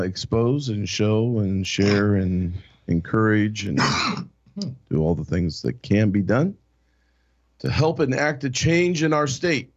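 A pastor hosting a casual talk show, rambling and halting with fillers. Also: male voice, fairly low pitch, darkish tone, no echo. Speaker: pastor and host. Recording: dry, muffled lo-fi sound.

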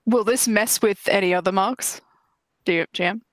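A woman playing in a tabletop game, excitable and quick to exclaim. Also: medium pitch, no room sound. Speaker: player.

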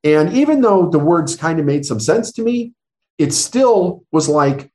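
A man's voice: sits high, big pitch swings, moderate pace, a little mellow. A middle-aged man, a business coach being interviewed, telling stories earnestly and acting out the dialogue he quotes. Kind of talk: storytelling interview answers.

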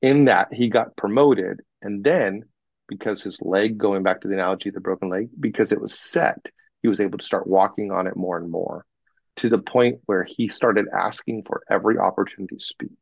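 A man working as a communication coach, telling animated stories about clients and acting out what they said in an interview. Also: on the low side, a little fast, vocal fry, husky, no echo, lo-fi sound. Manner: animated anecdotes, acts out clients in quoted voices. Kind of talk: podcast interview, storytelling.

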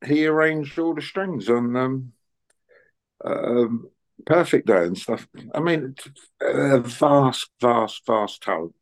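A man's voice: mid-range voice, takes it slowly. Chatty older man telling stories. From England. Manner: chatty, anecdotal, plays out dialogue in quoted voices. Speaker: interview guest, musician. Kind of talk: relaxed conversational storytelling.

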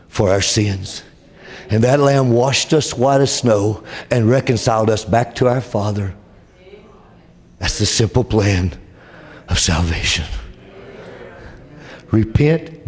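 A male preacher delivers an impassioned sermon, swinging between shouted high lines and soft, low passages. His voice has a breathy edge.

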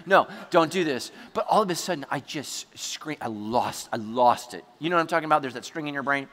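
A man preaching a sermon, telling a story with animated energy and sudden shouts. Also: on the high side, fast, in a large hall. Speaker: pastor.

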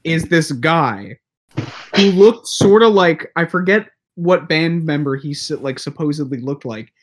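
Co-host, man, light-pitched, loose and wry storyteller. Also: normal speed. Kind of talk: casual chat.

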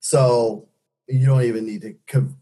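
A man's voice: medium pitch, fairly even intonation, unhurried, warm tone. A man co-hosting a casual podcast chat, rambling and sarcastic, swearing freely. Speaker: podcast co-host.

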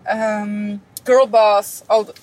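A woman's voice: medium pitch, flat delivery, takes it slowly, a crowd in the background, rough recording. A woman from Brussels, a guest talking casually and hesitantly, with many fillers. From Brussels, Belgium. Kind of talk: casual conversation.

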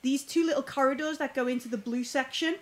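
A woman's voice: high-pitched, quick pace, low-quality recording. A woman narrating a tabletop game as game master, rambling with lots of fillers and restarts.

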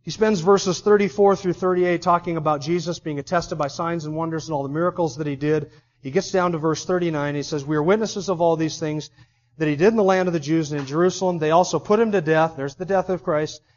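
A male preacher with a high-pitched voice delivers an expository sermon, reading scripture passages aloud and then commenting on them. He talks emphatically, driving home each point. The recording sounds dull and lo-fi. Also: fast talker, darkish tone.

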